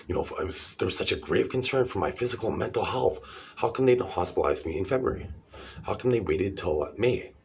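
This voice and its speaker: A man's voice: sits low, a little hiss or hum, poor audio. A man in his forties talking to the camera in a rambling, agitated monologue, repeating himself and restarting sentences. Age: 40s.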